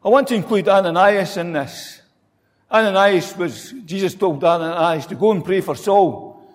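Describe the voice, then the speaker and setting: A man with a fairly high voice preaches a sermon in an easy, conversational way, asking his listeners rhetorical questions. His words ring on in a long reverberant church hall. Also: moderate pace.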